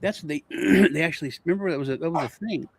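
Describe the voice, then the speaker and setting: A man's voice: on the high side, fast talker, vocal fry, breathy edge. A man from Europe co-hosting a casual chat, rambling and repeating words as he restarts his sentences. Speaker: co-host.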